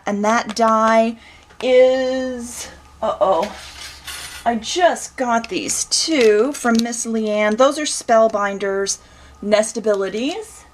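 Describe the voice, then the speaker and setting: A woman's voice: on the high side, slight background noise. A woman, chatting casually as she shows off a handmade scrapbook, folksy and searching for words as she goes. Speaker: crafter showing her scrapbook. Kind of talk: casual show-and-tell walkthrough.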